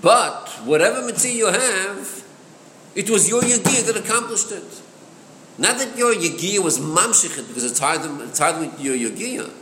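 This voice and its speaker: Teaching a chassidic text, this man weaves Hebrew terms into his English and leans on rhetorical questions. He speaks at a moderate pace with lively intonation and a high-pitched, bright, forceful tone; the room echoes with long reverb and a little noise.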